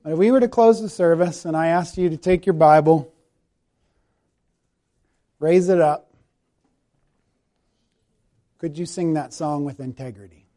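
Male pastor, slightly higher voice with a relaxed, warm tone. Chatty sermon delivery, self-effacing, soft prayerful ending. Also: unhurried, pauses often. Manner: conversational, self-deprecating preaching that softens to a quiet prayerful close. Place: church sanctuary.

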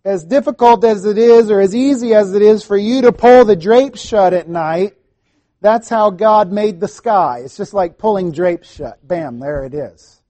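A man's voice: high-pitched, measured pace, warm tone, no echo. A middle-aged man preaching a sermon in a conversational way, with asides and restarts. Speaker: pastor.

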